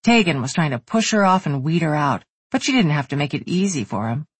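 Husky, dry woman narrating a story. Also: deep voice, big pitch swings, brisk, dry recording. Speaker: audiobook narrator. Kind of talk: scripted narration.

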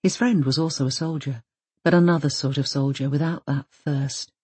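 A woman narrating an audiobook in a measured, gentle storytelling manner. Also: low voice, fairly even intonation, slightly rough, no echo.

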